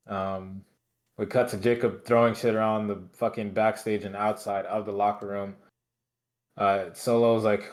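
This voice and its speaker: A man's voice: fairly low pitch, little pitch movement, normal speed. A man co-hosting a podcast, recapping matches in loose, rambling casual chat full of swearing. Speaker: podcast co-host recapping wrestling.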